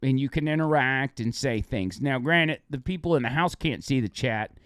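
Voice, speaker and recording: A man's voice: moderate pace, smooth, no room sound, studio quality. A man co-hosting a radio show, casually chatting and telling stories animatedly. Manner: animated storytelling, high voice for quoted women. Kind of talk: casual chat.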